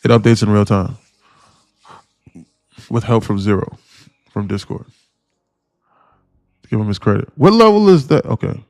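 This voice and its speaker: A man giving live day-trading commentary on a stream, talking in an animated, emphatic way that keeps repeating and restarting phrases. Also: fairly low pitch, a little slow, vocal fry, pauses often, no echo, clean studio sound.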